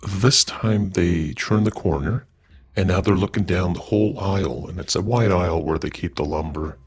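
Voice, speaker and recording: A man with a notably low, deep voice tells an eerie story in a relaxed, conversational way, stumbling now and then and filling pauses with "you know." Soft music plays quietly underneath him. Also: slightly rough. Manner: loose and conversational, with fillers and restarts. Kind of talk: casual paranormal story narration.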